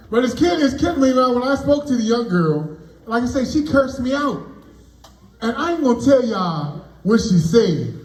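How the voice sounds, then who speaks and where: A man performing stand-up comedy at a party, delivering loud, animated punchlines and bantering with the crowd. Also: extremely high pitch, roomy sound, rough recording. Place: party venue, indoors.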